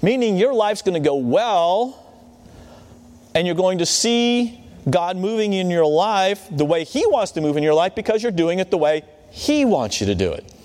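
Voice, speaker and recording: A man's voice: high-pitched, big pitch swings, normal speed, a little mellow. A man preaching a sermon in a conversational way, often checking in with his listeners. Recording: long hall reverb.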